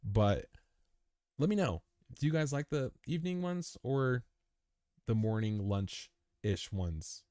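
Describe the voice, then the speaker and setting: This mid-range male voice is animated but slow, with long pauses and a dark tone, captured as clean studio sound without echo. The speaker runs a crypto live stream and, tired from hours on air, chats casually with viewers, rambling along in a chummy, laid-back way and addressing them as dude.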